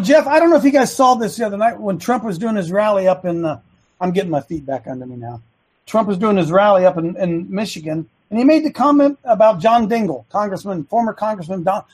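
A man with a husky, breathy voice holds forth on a talk show mic. He preaches his views in a string of quick rhetorical questions, often stumbling and restarting mid-sentence. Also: sits high, a little mellow, poor audio. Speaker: host and coach. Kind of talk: opinionated talk show monologue.

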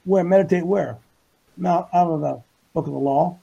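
A man preaches through scripture in an emphatic, folksy style, dropping into slang as he paraphrases. His voice sits high and comes out gravelly and husky. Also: normal speed, dark tone, highs cut off. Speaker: Bible teacher on a talk show. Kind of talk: folksy preaching Bible study.

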